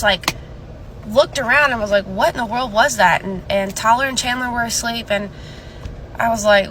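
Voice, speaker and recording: A woman telling a personal testimony in a quiet, hushed and earnest way. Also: a little high, a little hiss or hum, poor audio.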